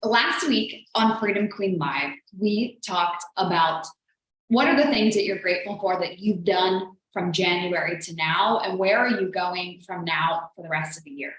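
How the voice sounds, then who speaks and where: In a very echoey room, a woman business coach hosts a motivational live stream. Her voice is lowish, unhurried and a bit bright, and she talks in a chatty, earnest way, saying "like" constantly.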